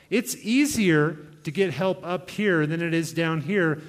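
A young man preaching to his congregation with earnest urgency, slipping into quoted asides as he exhorts. His voice sits a little high, and the church hall adds a long reverb. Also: normal speed, hardly any pauses. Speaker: pastor. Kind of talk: sermon.

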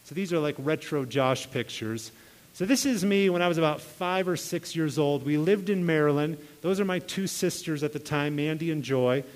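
A man's voice: fairly high pitch, moderate pace. A man preaching a sermon, telling personal stories in an earnest way and acting out the voices he quotes. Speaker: pastor. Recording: long hall reverb.

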